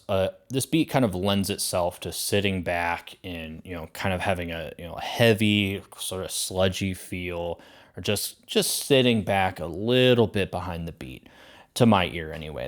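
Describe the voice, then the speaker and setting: A man with a deep, low voice explains rock grooves in a relaxed drum lesson. He talks casually and chats as he goes. He counts beats out loud and sounds out the drum hits. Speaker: drum teacher.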